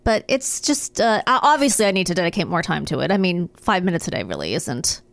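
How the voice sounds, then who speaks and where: A woman's voice: fairly low pitch, big pitch swings, brisk, creaky, no echo. A woman co-hosting a podcast in casual chat, making puns and poking fun at herself. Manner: jokey, punny, self-mocking. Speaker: podcast co-host.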